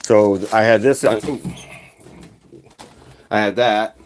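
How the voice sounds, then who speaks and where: Laid-back man, 30s, woodworking host, lowish voice, rambly and halting, home office camera mic. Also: level tone, slight background noise. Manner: rambling, halting, lots of fillers. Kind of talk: casual livestream chat.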